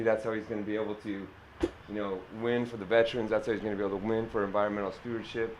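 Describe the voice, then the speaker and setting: A man's voice: lowish voice, little pitch movement, racing, noisy background. A man giving an earnest, rambling spoken endorsement of a local candidate, with fillers.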